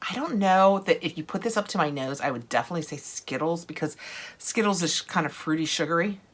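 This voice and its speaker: An older woman talks through an unboxing in a relaxed, chatty way, gushing over each item. Her voice sits a little low in pitch. Now and then she drops to a soft whisper. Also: a little fast. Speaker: vlogger unboxing products. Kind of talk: casual unboxing chat.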